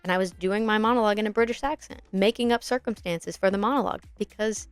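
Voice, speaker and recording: A young woman podcast host coaches actors in a friendly, encouraging tone and walks through examples step by step. Her voice is smooth and clear, recorded close and dry, with faint music underneath. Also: medium pitch, fast, dry recording. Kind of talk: casual instructional podcast talk.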